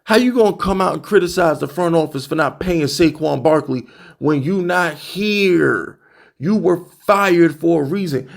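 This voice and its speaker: A young man hosting a sports fan channel, ranting to camera in an exasperated, animated way, full of rhetorical questions and repeated jabs. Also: high voice, gravelly. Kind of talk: heated fan rant to camera.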